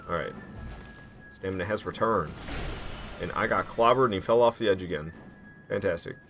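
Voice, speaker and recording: A man giving casual, excitable commentary while playing a video game, slangy and quick to mock himself. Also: deep voice, soft background music. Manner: excitable, self-mocking, slangy. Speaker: gaming commentator.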